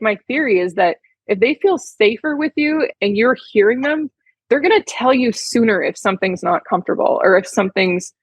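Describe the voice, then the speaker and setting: A woman's voice: mid-range voice, breathy edge, no room sound, low-quality recording. A woman, a horse trainer and podcast guest, telling a heartfelt story in a chatty way full of "like" fillers. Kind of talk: casual storytelling interview.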